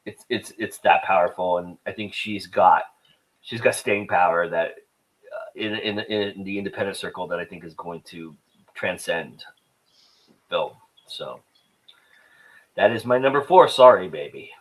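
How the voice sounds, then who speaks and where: A man's voice: low-pitched, measured pace, long pauses, poor audio. A man co-hosting a podcast, playful and laughing easily, stumbling over his words as he talks films. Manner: playful, laughs often, stammers. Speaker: podcast co-host. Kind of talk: casual film review chat.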